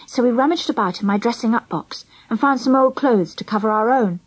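A woman narrating a children's storybook in the first person, lively and expressive. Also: on the high side, a little fast, breathy edge, low-quality recording. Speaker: audiobook narrator.

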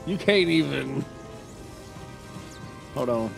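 A man's voice: mid-range voice, lively intonation, slow pace, vocal fry, over music. A man giving casual commentary while playing a video game, chatty and thinking aloud as he makes up his mind. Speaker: gaming streamer.

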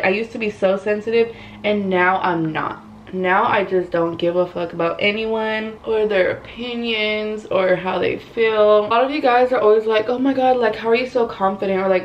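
A woman's voice: medium pitch, muffled recording. A young woman chatting bluntly during a makeup routine, swearing and saying "like" constantly, filmed by a camera in her bedroom. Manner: chatty and blunt, swears a lot, heavy use of "like". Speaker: beauty vlogger. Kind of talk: casual get-ready-with-me chat.

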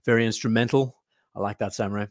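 A man's voice: lowish voice, steady tone, fast, no room sound. Chatty male host, dry close sound. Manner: chatty, thinks aloud, reads chat comments. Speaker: watch channel host. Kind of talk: casual livestream commentary.

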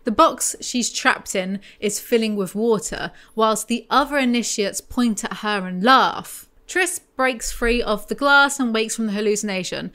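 A woman's voice: fairly high pitch, a little slow, few pauses, a bit bright. A woman sarcastically picking apart a novel as she hosts her commentary video. She reads passages aloud and trips over words now and then. Her asides are dry and mocking. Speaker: book commentary vlogger.

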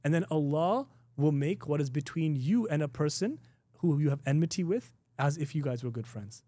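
A man's voice: fairly high pitch, animated, normal speed, mellow, no room sound. A middle-aged man teaching an informal class on Islamic ethics, talking loosely with frequent laughs and restarts, and acting out quoted exchanges. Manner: conversational, laughs often, many restarts and "you know"; acts out quoted exchanges in a raised voice.

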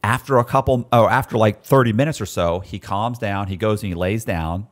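A man telling stories in casual chat, animated and often restarting his sentences. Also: fairly low pitch, brisk. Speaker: guest storyteller.

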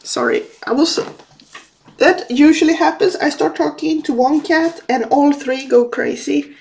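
A woman's voice: high voice, lively intonation, measured pace, vocal fry, darkish tone, slight background noise. A woman chatting casually while crafting at home, sniffling from a runny nose and often apologizing. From Sweden. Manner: chatty, apologetic, easily sidetracked. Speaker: vlogger. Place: at home, indoors.

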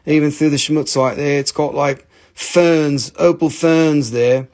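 A slightly high male voice, darkish and steady, moving at a measured pace. He's a mineral seller on a relaxed live stream, joking around, making fun of himself and cursing casually while he displays stones.

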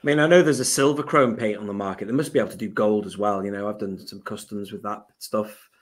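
A man's voice: on the low side, steady tone, fast talker. A man joining a casual panel chat as a guest, jokey and teasing, over a video call.

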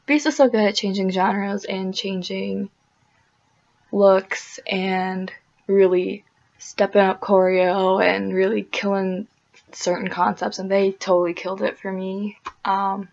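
A woman hosting a casual music video reaction vlog, gushing and excitable as she talks as a fan. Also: medium pitch, slow pace, vocal fry, lo-fi sound.

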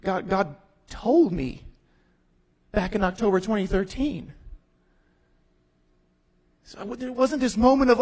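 A man's voice: sits high, takes it slowly, pauses often, breathy edge, poor audio. A man in his thirties, a pastor, giving an emphatic storytelling testimony sermon, acting out his own words and other people's. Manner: storytelling, quoting himself and others in voices; emphatic, rising to near-shouts.

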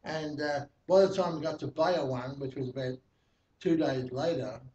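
A man's voice: fairly high pitch, moderate pace, dark tone. Man preaching from far off in an echoey room. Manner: chatty storytelling with frequent laughs and fillers. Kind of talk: testimony sermon. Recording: echoey, distant, dull, slightly noisy.

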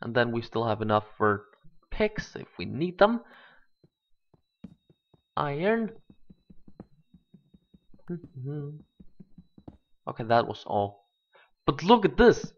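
A gaming channel host giving let's play commentary, thinking aloud and bursting into excited exclamations, on a dull lo-fi home mic. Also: mid-range voice, slow pace, long pauses.

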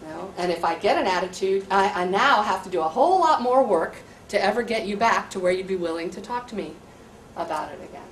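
A woman's voice: mid-range voice, expressive, fast, recorded from a distance. An American woman teacher talks earnestly and conversationally about her classroom. She sounds set back from the microphone in an echoey room. A light hum sits underneath. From USA. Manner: earnest, conversational, acts out student exchanges. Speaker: high school teacher. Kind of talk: explaining classroom practice to visitors.

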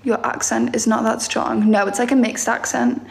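A woman's voice: a little high, little pitch movement, moderate pace, gravelly. A young woman streaming live, reading out chat comments and answering them with teasing, sarcastic remarks and frequent laughter.

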